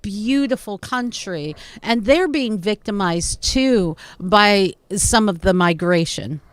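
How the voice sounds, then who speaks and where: A woman hosting a news podcast, telling stories in an animated, casual way. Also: mid-range voice, slow, no room sound. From Seattle area. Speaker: podcast host.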